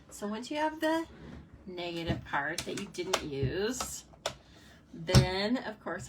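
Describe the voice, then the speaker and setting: A woman hosting a live card-making demo, chatting casually and excitedly with viewers as she works. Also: fairly low pitch. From United States. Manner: chatty and bubbly, reacts to comments, frequent laughs. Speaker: stamping demonstrator hosting a live stream. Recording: somewhat distant mic with faint noise.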